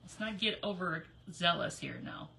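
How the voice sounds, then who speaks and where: A woman's voice: fairly low pitch, lively intonation, a little slow, gravelly, pushed and bright. Chatty woman crafting live, distant noisy mic. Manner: chatty and rambling, with frequent fillers and giggles. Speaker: crafter hosting a live stream. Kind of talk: casual chat while crafting.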